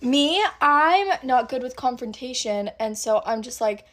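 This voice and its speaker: A woman vlogger telling a date story in a chatty, animated way, full of "like" fillers. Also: fairly high pitch, unhurried, hardly any pauses. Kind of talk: casual storytime chat.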